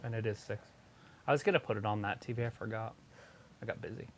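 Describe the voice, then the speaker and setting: A man co-hosting a casual live stream, giving opinions in a lively way. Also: on the low side, fast talker, very noisy. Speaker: co-host of a wrestling watch-along stream.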